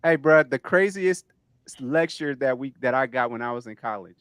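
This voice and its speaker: A man's voice: medium pitch, lively intonation, moderate pace, fairly bright tone, clear, resonant tone, no room sound. A man co-hosting a casual podcast, joking around in an irreverent, laid-back way. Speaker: podcast co-host.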